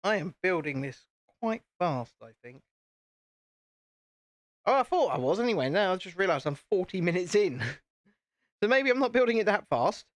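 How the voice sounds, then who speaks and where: A man's voice: high voice, sing-song, moderate pace, long pauses, no room sound. A British man hosting a casual live stream, chatting to viewers while he builds and poking fun at himself. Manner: chatty, self-deprecating, talks to viewers.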